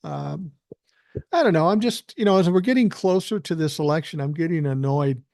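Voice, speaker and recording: A man's voice: a little high, moderate pace, gravelly, a little mellow, no room sound, studio quality. An older man hosting a live stream from his living room, ranting bluntly with plenty of profanity. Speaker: podcast host doing a live stream. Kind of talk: casual live-stream rant.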